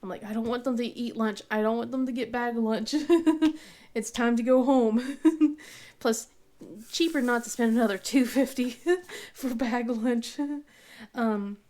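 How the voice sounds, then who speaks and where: Chatty woman vlogger, slightly high voice. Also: fairly even intonation, unhurried, darkish tone. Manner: rambling, full of fillers and restarts; laughs often while telling. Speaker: craft channel host. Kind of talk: casual storytelling chat.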